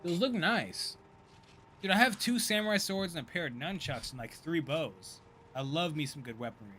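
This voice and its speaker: A man in his thirties giving casual, profane live-stream commentary, chatty and quick to laugh. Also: on the high side, animated, a bit bright, slight background noise. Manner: loose, profane, laughs often, chatty asides.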